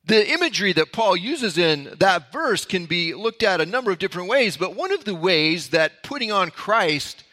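A man with a bright, forceful voice that sits a little high for a man. He teaches a sermon in a relaxed, storytelling way. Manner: storytelling, conversational. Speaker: pastor. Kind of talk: sermon-style Bible teaching.

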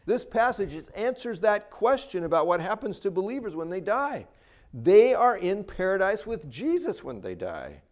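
Earnest preaching man, slightly high voice. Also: big pitch swings, normal speed. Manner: earnest preaching, rises and drops for emphasis. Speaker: pastor. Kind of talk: sermon.

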